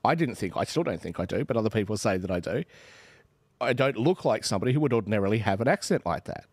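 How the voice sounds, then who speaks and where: A man's voice: on the low side, lively intonation, fast, breathy edge, no room sound. A man in his forties from Western Australia with an Australian accent, talking animatedly as a podcast panelist and acting out little exchanges in other voices. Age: 40s. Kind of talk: casual panel discussion.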